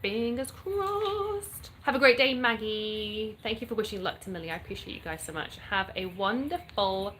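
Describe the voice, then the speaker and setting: Bright-voiced English woman streaming live. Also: mid-range voice, a little fast, few pauses, a little hiss or hum. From England. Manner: chatty, upbeat, greets viewers by name. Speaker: livestream host. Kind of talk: casual live-stream chat reading comments. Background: birdsong.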